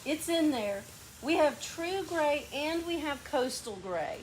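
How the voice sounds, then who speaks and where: Slow-talking Southern woman demonstrating paint. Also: sits high, expressive, slight background noise, rough recording. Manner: chatty, folksy, coaching a helper while painting. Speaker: painting workshop host. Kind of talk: hands-on demonstration. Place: workshop.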